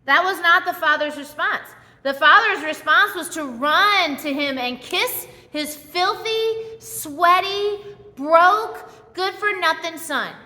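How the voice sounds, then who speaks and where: A woman's voice: extremely high pitch, slow pace, sharp tone. A woman pastor giving a sermon, telling a story with energy and acting out the characters' lines. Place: church hall. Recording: echoey church hall.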